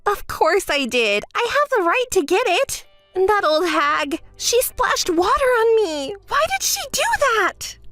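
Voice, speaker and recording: A high, bratty young woman shrieks and wheedles in turn, her voice leaping wildly all over the place, as a woman narrator puts her on. The sound is dry and close, with soft music underneath. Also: sing-song, unhurried, few pauses, no echo, exaggerated voice. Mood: indignant. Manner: whiny and demanding, shouting. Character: shrill, spoiled, unstable young woman. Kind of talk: texting story narration.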